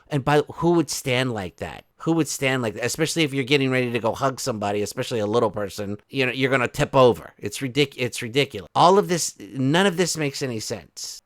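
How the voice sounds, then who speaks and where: A man's voice: medium pitch, fairly bright tone, no echo, studio quality. A man hosting an online commentary video, talking in a casual, incredulous way and rambling with frequent restarts.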